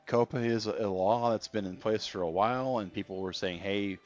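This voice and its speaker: Male streamer, low-pitched, easygoing chat over gameplay; dull stream audio. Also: fairly quick, darkish tone, faint music behind. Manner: chatty, reads out viewer comments. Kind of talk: casual gameplay commentary.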